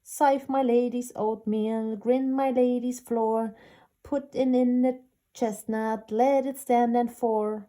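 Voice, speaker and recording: A woman's voice: a little high, fairly even intonation, slow pace, dark tone, voice pushed up. Woman doing a chorus of tiny cheeky mice. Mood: sing-song. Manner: sing-song nursery-rhyme chanting.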